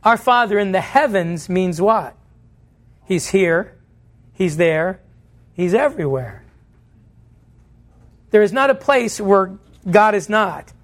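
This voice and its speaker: A pastor preaching a sermon in church, earnest and direct, posing questions to the congregation and answering them himself. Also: male voice, sits high, expressive, slow pace, long pauses, fairly bright tone.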